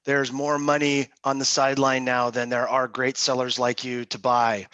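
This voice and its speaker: A man speaking as a guest in a casual video-call interview, an animated and frank storyteller. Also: medium pitch, moderate pace, no room sound, dull audio. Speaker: guest author and agency founder.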